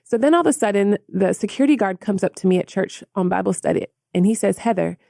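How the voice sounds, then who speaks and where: Vrouw met krakerige stem, levendig vertellend. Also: female voice, mid-range voice, fast, creaky, no echo, clean studio sound. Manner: animated, addresses listeners as y'all. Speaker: podcast co-host. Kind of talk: casual storytelling.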